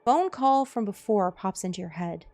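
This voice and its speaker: A woman's voice: mid-range voice, animated, moderate pace, darkish tone, soft background music. A young woman streamer reading a story game's dialogue and narration aloud, switching between character voices. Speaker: streamer voicing game characters.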